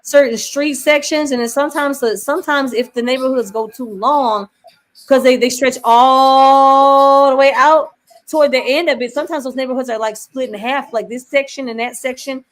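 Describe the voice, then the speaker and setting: A woman host with a mixed Southern and New York accent chats at a quick clip. Her voice sits a little high, and she strings her thoughts together loosely, leaning on easy filler. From Buffalo, New York. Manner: chatty, loose rambling with many "you know what I mean". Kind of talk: casual chat.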